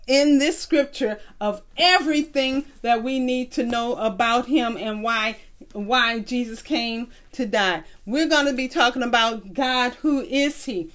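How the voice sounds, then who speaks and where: A woman's voice: fairly high pitch, fairly bright tone. A woman teaching a children's Bible lesson in a patient way, asking the class to repeat verses after her. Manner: slow, patient, call-and-response teaching. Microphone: recorded tape.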